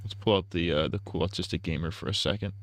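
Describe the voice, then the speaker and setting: A man's voice: low voice, fast. A young man streaming a game, chatting casually in a rambling, joking way with stammered restarts, on earbuds.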